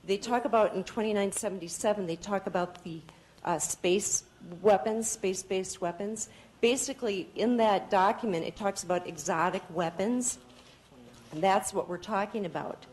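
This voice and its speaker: A woman's voice: mid-range voice, moderate pace, a little mellow, slight background noise, low-quality recording. A woman giving public testimony at a hearing, speaking earnestly and pleading, and she sounds tired. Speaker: public commenter.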